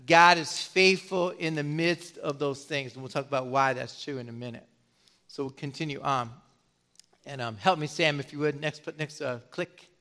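A middle-aged man preaching a sermon as a pastor, putting questions to the congregation and pausing for effect. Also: fairly high pitch, sharp tone.

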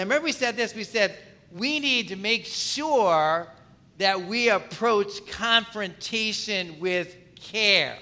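A man's voice: high-pitched, pushed and bright. A man preaching a sermon in a conversational way, often asking the congregation questions. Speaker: pastor.

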